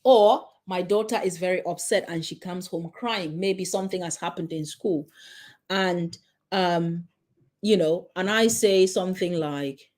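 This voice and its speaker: Checking in with "okay?", a parenting coach in her forties gives an emphatic motivational talk to parents, repeating points and questioning the listener. Her voice is fairly low, a little mellow, and a little slow.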